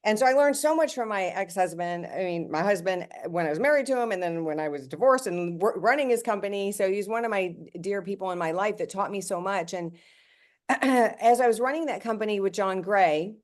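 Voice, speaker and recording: Speaking briskly at a medium pitch, this woman in her fifties, who leads a network marketing team, shares her story on a team call. She's animated and chatty, acting out quotes as she addresses her listeners directly.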